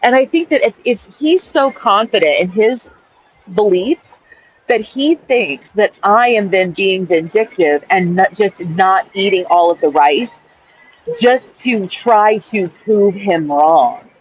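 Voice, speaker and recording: A woman's voice: mid-range voice, lively intonation, takes it slowly, slightly rough. A woman recording a casual journal-style rant in her car by a busy street, exasperated and swearing, often asking "right?". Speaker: vlogger. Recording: dull lo-fi sound.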